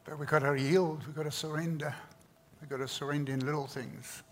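A man's voice: on the high side, steady tone, fairly quick. A man, preaching a sermon with earnest emphasis and repeated words. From South Africa. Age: 60s. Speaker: pastor. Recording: reverberant hall, faint noise.

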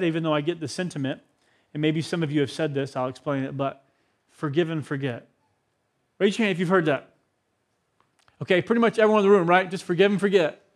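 A man in his thirties, a pastor, preaching a conversational sermon to a congregation and asking the room questions. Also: a little high. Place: church hall with a congregation.

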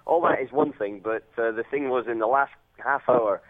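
A man's voice: mid-range voice, normal speed. Scottish man on a tinny phone line. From Scotland. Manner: relaxed storytelling with many fillers. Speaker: racing driver guest. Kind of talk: phone interview.

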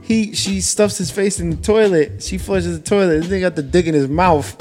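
A man co-hosting a casual chat, animated and laughing, acting out quotes in high voices. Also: fairly quick, faint music behind.

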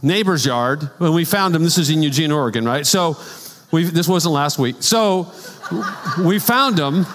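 Male pastor, relaxed conversational preaching, slightly high-pitched, echoing sanctuary. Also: moderate pace. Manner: animated storytelling with asides and laughs. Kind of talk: conversational sermon. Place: church sanctuary. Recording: long church hall reverb.

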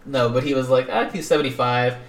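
A man co-hosting a casual podcast chat, telling animated stories, acting out quotes, swearing and laughing often. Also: mid-range voice, a little fast, echoey room, far from the mic. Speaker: podcast co-host. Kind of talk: casual chat about collectibles.

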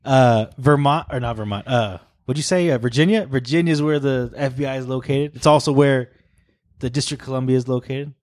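A man's voice: mid-range voice, a little fast, a little mellow, dry recording, studio quality. A man co-hosting a podcast, talking bluntly and with profanity in casual chat. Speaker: podcast co-host.

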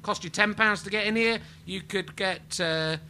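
A man from England hosts a live podcast before a small audience, rambling on in a jokey, mock-indignant way. His voice sits a bit high and sounds bright and forceful. Some faint room ambience hangs behind him. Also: moderate pace, slight background noise. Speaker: podcast host. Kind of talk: live stand-up podcast chat.

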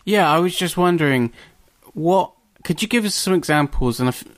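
A man's voice: on the high side, expressive, fairly quick, dry recording. A man hosting a podcast interview who asks questions casually, with some hesitation. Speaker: podcast host.

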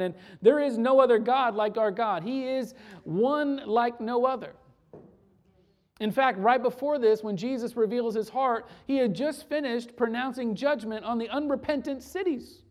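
A man preaching a sermon in a conversational way. He often restarts his words and drops into soft, hushed stretches. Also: extremely high pitch. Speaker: pastor.

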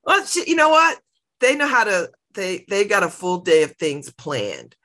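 Bright, animated middle-aged woman host, laughs a lot, casual radio banter. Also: mid-range voice, normal speed. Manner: laughs often, animated and playful.

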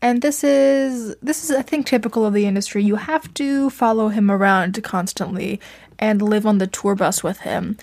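A woman's voice: mid-range voice, normal speed, gravelly, a little mellow. A young woman chatting casually into a home mic, rambling and self-deprecating, with lots of fillers and laughs. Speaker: podcast host reviewing fan fiction. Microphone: home mic she adjusts herself.

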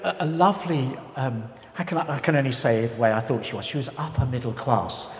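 A pastor gives a sermon in a chatty, humorous way, breaking into little character voices. His mid-pitched voice rings through a large church hall. A long reverb trails each phrase. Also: brisk. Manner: conversational, humorous, acts out voices.

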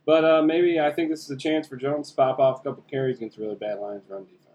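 A man's voice: medium pitch, steady tone, fast, a little mellow, slight background noise. A man guest on a sports podcast, giving laid-back football analysis. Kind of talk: casual sports chat.

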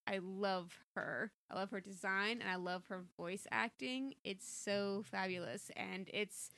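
A woman's voice: medium pitch, unhurried, pushed and bright, dry recording. A young woman co-hosting a podcast, chatting enthusiastically about a cartoon episode and laughing often. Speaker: podcast co-host.

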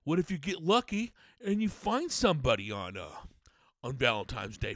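A man's voice: on the high side, moderate pace, no echo, clean studio sound. A man hosting a podcast, delivering a crude comedic rant full of swearing and mock stammers. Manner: profane, animated, mock-stammering. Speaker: podcast host.

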